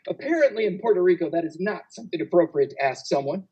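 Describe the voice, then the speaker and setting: A male physician on a conference panel, telling travel anecdotes with frequent laughter and quick asides. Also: high voice, animated, mellow, husky, poor audio.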